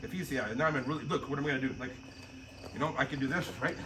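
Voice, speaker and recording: A man's voice: mid-range voice, racing. A man teaching jiu-jitsu technique on the mat, talking casually and laughing often while he demonstrates. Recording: noisy gym audio.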